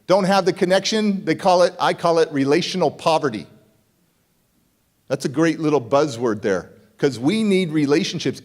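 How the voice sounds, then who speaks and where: Speaking from the stage of a conference hall, this motivational speaker has a somewhat mellow voice pitched fairly high. In his keynote he tells a story with punchy, repeated phrases for emphasis, performing both sides of the exchange.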